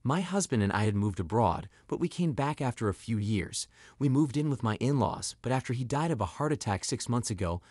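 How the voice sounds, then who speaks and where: Brief: worn-out, tearful young mother read by a male narrator, lively pitch, dry close sound. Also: husky, no echo. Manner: weary, tearful. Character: fragile, sick, struggling young mother.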